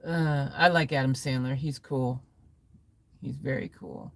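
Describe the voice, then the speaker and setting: A woman's voice: a bass voice, animated, measured pace, background noise. A woman vlogger chatting playfully with her viewers on a phone while parked in her car at a gas station at night. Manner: playful and jokey, says goodnight to viewers. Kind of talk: casual livestream chat.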